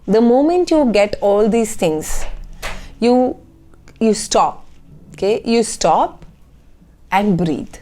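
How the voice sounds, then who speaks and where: A woman's voice: medium pitch, animated, slow pace, pauses often, dark tone. A woman, speaking as a life coach in a motivational talk to camera and checking in often with "okay?".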